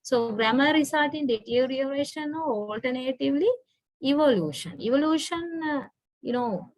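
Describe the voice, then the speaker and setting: Sri Lankan woman lecturer, fairly high voice, dry close sound, patient and explanatory, keeps asking "right?". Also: expressive, normal speed, no echo, rough recording. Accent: Sri Lankan English. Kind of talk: online university lecture.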